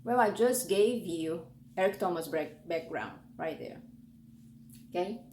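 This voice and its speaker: A woman's voice: lowish voice, lively intonation, measured pace, a little mellow. Woman host, Brazilian accent, earnest motivational coach, roomy echo, faint background hum. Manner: earnest, coaching, lists limiting beliefs. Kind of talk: motivational talk.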